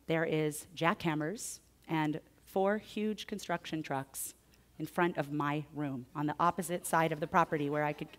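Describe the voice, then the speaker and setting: A woman telling a personal story to a live audience, chatty and animated, often laughing. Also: lowish voice. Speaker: speaker at a live event.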